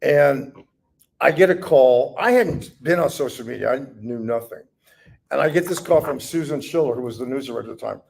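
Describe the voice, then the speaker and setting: A man's voice: mid-range voice, brisk, creaky, darkish tone, slightly rough. A man hosting a casual conversation, often affirming his guest and laughing along. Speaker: host. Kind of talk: casual studio chat.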